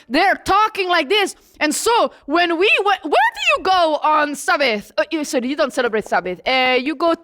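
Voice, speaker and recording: In character as the apostle John, a woman relates his life with Jesus in first person and addresses questions right to her audience. She has a high-pitched, fairly bright voice.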